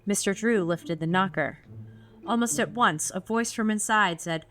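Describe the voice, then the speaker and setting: A woman's voice: mid-range voice, moderate pace, fairly bright tone. A woman co-hosting a podcast, reading a novel aloud in a plain voice with chuckles between passages. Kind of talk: casual read-aloud with banter.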